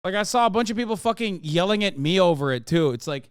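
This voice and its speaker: A streamer gives casual, sarcastic reaction commentary, incredulous and quick to swear. His voice is smooth and high, recorded close and dry. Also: lively intonation, no room sound.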